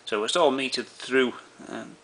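Speaking at a slightly slow pace, the camera tutorial presenter has a mid-range, fairly bright voice. He moves through the camera menus step by step in an easygoing style, stumbling over fillers and restarting often.

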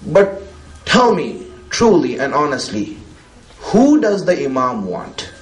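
A man's voice: on the high side, sing-song, slow. A man giving a religious talk to a gathering in a conversational way, filling it with "you know" and putting questions to his listeners. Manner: conversational, many fillers, asks the listeners questions. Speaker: preacher. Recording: roomy echo.

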